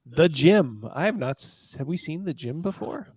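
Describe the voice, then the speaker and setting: A man's voice: fairly high pitch, lively intonation, moderate pace, a little mellow, breathy edge, no echo, studio quality. A man hosting a casual livestream, laughing often and reading viewer messages aloud. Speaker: show host.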